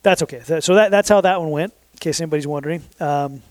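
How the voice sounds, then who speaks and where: A man's voice: fairly high pitch, quick pace, a little mellow, no room sound. Rambling, chatty man in his thirties. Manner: rambling, self-correcting, frequent fillers. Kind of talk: casual storytelling. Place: southern Utah.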